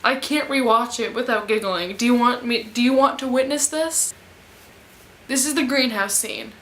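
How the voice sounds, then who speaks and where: Young female book vlogger, high pitch, slow excitable fangirl chatter, roomy echo. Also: background noise. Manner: gushing, excitable fangirl chatter with gasps and squeals. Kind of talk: casual vlog chat.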